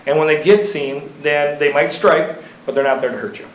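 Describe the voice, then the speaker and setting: A man in his thirties tells easygoing stories to a city council in a slightly high voice. His folksy, rambling delivery is full of fillers. The sound is roomy, with the echo of a council chamber and a faint hum of ambience behind it. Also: steady tone, normal speed. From Iowa. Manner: chatty and folksy, lots of fillers and anecdotes. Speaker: local reptile keeper speaking to city council. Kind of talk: casual storytelling at a public meeting.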